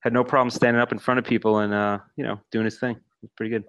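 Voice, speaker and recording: A man's voice: medium pitch, flat delivery, racing, smooth, no room sound, highs cut off. A man co-hosting a podcast over a video call, laid-back and rambling with lots of fillers. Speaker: podcast co-host. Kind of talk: casual podcast chat.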